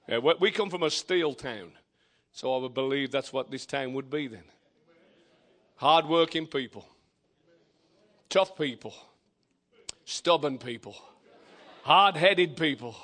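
An older man with an English accent, preaching a lively, joking sermon in a church. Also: medium pitch, slow pace, pauses often. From England. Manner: exuberant, shouting praise, joking with the congregation. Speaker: visiting preacher.

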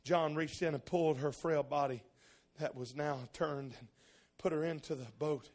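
A man preaching a sermon, telling a story and building into loud, impassioned preaching. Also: fairly high pitch, steady tone, moderate pace.

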